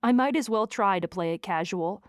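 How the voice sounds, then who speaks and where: A woman narrating a first-person romance audiobook in an expressive, wry manner. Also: mid-range voice, normal speed, no room sound, clean studio sound.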